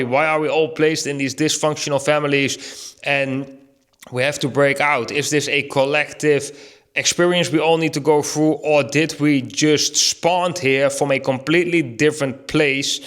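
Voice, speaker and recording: A man of middle pitch talks straight to his listeners in a reflective personal monologue. He is earnest and thinks aloud, with restarts and rhetorical questions. He drags out the words he wants to land. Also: a bit bright. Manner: earnest, slows down to stress key words. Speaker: vlogger.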